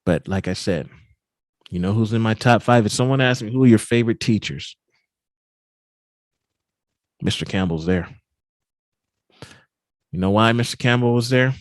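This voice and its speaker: A man giving a keynote at a virtual summit, telling a personal story in an animated, emphatic way. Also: lowish voice, normal speed, long pauses, no room sound. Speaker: keynote speaker. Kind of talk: storytelling talk.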